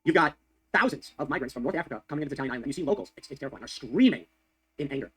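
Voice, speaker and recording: A man's voice: mid-range voice, expressive, very fast, a bit bright, slightly rough. A man delivering heated, sarcastic political commentary on the news, repeating his points for emphasis. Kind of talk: fast ranting news commentary.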